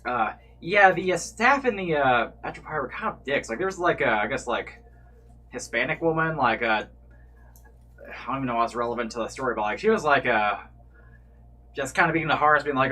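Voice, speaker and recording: A man's voice: medium pitch, expressive, fairly quick, sharp tone, husky. A man co-hosting a casual chat, rambling and hesitant with many filler words. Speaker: co-host.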